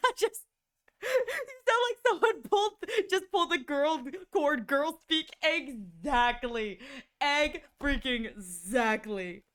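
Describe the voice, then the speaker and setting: A woman's voice: high voice, lively intonation, slow, fairly bright tone. A woman streamer chatting casually with her viewers, giggling often and acting out quoted voices.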